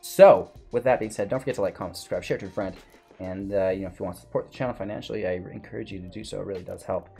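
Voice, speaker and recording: A man's voice: sits low, rapid-fire, creaky, a little mellow, husky, soft background music. A man giving casual gameplay commentary and a rambling channel outro, tired and a bit out of breath, with lots of fillers. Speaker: gaming YouTuber and streamer.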